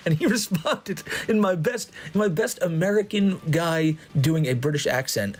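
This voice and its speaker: A man's voice: high-pitched, lively intonation, a little slow. A man streaming casual commentary, mocking his subject and laughing often.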